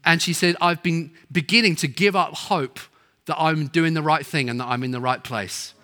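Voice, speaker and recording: A man's voice: on the high side, moderate pace, sharp tone. A middle-aged man preaching a sermon, telling stories and acting out the people in them. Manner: storytelling, acts out quoted voices.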